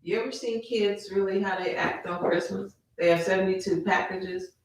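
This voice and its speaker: A man in the class adds his comment, hesitant and searching for words. His voice is high for a man and sits well back from the mic. The echoey room gives it a hollow ring. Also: fairly even intonation, normal speed, distant mic. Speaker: class member.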